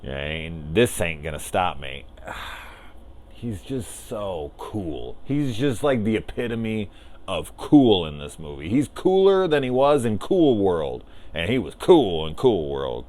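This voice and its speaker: A man's voice: deep voice, a little mellow, a little hiss or hum. A man casually rambling through a spoiler discussion of a film as a reviewer, enthusiastic and swearing freely.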